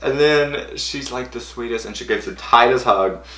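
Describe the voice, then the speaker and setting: A man's voice: mid-range voice, steady tone, moderate pace, sharp tone. A man eagerly retelling a personal story to camera, rambling and full of "like". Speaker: vlogger. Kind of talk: casual storytelling. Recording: roomy echo.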